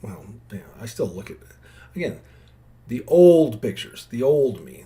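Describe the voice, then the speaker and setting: A man's voice: mid-range voice, sing-song, unhurried, warm tone. Earnest, rambling middle-aged man. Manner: rambling, reflective, with many restarts and fillers; earnest and heartfelt. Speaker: podcast host. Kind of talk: personal monologue.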